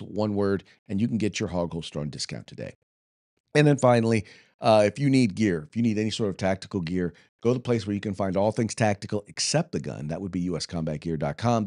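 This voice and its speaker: An American man hosts a political commentary podcast, talking loosely with jokes, fillers and restarts. His voice sits low with a darkish tone, recorded at studio quality with no echo.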